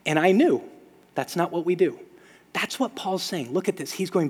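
A man preaching a sermon as pastor, telling stories with lively sound effects. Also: on the high side, moderate pace, husky, in a large hall. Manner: storytelling, animated with sound effects.

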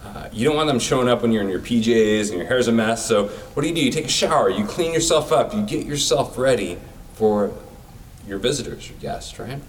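A man's voice: medium pitch, lively intonation, fairly quick, recorded from a distance, a little hiss or hum, poor audio. A man giving a sermon in a casual, conversational way, using everyday comparisons. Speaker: preacher.

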